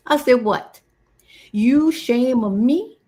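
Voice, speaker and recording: A woman's voice: sits high, mellow, heavily acted. A woman playing a folksy older Cajun cleaning lady. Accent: Cajun Louisiana. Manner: folksy, chatty, drawn-out storytelling. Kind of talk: theatrical character monologue.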